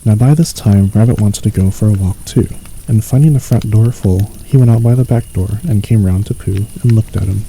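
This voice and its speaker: Brief: male ASMR sleep reader, low mellow voice, calm and unhurried. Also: slight background noise, poor audio. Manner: calm, unhurried, lightly voicing each figure. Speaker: audiobook reader. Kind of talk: soft ASMR sleep story reading.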